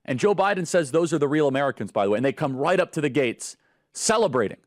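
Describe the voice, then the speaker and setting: A man's voice: fairly high pitch, animated, quick pace, dry recording, clean studio sound. A man hosting a political talk show, speaking in an indignant, emphatic tone. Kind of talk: broadcast political commentary.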